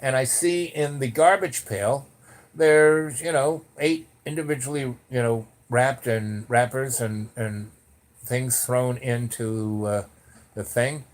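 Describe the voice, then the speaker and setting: A man telling a personal story in a casual, rambling way, full of "you know" and "like" fillers. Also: slow pace. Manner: lively shifts in pitch and loudness while telling. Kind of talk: casual spoken anecdote.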